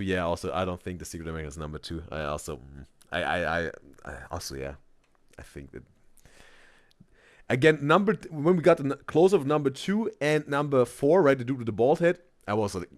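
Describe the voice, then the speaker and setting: A man's voice: fairly low pitch, no echo, studio quality. A man streaming a reaction video, rambling in casual commentary and often tagging on "bro" and "right?".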